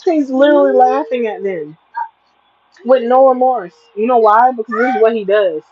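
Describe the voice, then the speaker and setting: A woman's voice: on the high side, normal speed, a little hiss or hum. A woman tarot reader giving a spiritual livestream reading, talking in an emphatic, preachy, plain-spoken way, over dull lo-fi audio.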